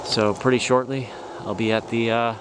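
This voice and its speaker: A man's voice: medium pitch, level tone, normal speed, noisy background. A man filming himself on a hike outdoors, giving casual, wry running commentary. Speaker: hiker filming his trip. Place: outdoors on a forest trail.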